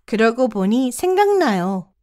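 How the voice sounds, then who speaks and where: A woman briskly reading short sentence prompts for a language lesson. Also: on the high side, sing-song, dark tone. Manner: reads each short prompt once, crisply.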